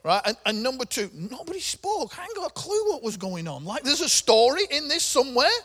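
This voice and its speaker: A man's voice: extremely high pitch, big pitch swings, fairly quick, a bit bright. A middle-aged man preaching a sermon in a conversational way, with humorous asides. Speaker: pastor. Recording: long hall reverb.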